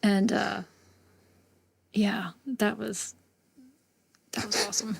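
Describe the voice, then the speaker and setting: A woman's voice: medium pitch, flat delivery, slow pace, vocal fry, husky. A middle-aged woman, a retired military bomb technician, telling blunt and salty stories as a podcast guest and laughing as she goes. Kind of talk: casual interview storytelling.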